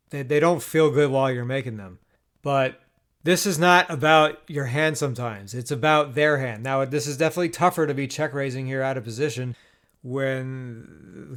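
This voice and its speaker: Casual male vlogger, slightly high voice, profane, frustrated, animated recap. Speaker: poker vlogger.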